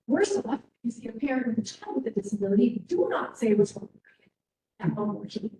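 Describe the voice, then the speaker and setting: A woman's voice: a little high, lively intonation, noisy background. A woman with a Canadian accent giving a casual, frank keynote speech, stressing points by repeating them. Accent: Canadian English. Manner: casual and frank, with quick laughs and emphatic repetition. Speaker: keynote speaker. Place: large hall. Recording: echoey hall, mic at a distance.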